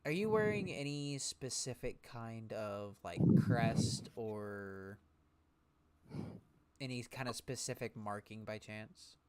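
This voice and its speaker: A man narrating a tabletop game as game master in a slow, relaxed way with pauses. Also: mid-range voice, clear, resonant tone.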